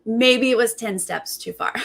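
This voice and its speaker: A woman talking casually as the host of a reality TV recap. She chats loosely and acts out quotes with big jumps in pitch. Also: slow pace, creaky, fairly bright tone. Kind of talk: casual commentary.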